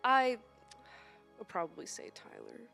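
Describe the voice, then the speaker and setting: A woman's voice: mid-range voice, wildly swooping pitch, unhurried, vocal fry, bright, forceful tone, soft background music. A woman on a convention panel, giving frank opinions and swearing casually.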